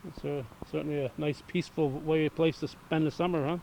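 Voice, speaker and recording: A man's voice: on the high side, fairly even intonation, a little fast, gravelly, darkish tone, a little hiss or hum, poor audio. A man hosting a local cable show, interviewing a homeowner outdoors in an easygoing, friendly way with leading questions. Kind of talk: casual interview. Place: outdoors at a rural home.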